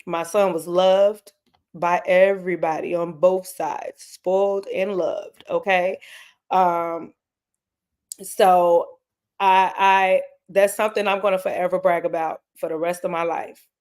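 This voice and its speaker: A woman's voice: fairly low pitch, little pitch movement, slow pace, darkish tone, clear, resonant tone. Woman in her 30s, tearful live-stream host, speaks candidly to her viewers. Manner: candid, emotional, talks straight to her chat. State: tearing up. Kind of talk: casual live stream chat.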